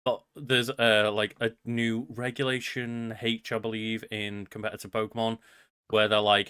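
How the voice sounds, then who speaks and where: Smooth low-voiced man. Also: measured pace, fairly bright tone, dry recording, clean studio sound. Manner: rambling, sweary, lots of fillers. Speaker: podcast co-host. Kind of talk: casual chat.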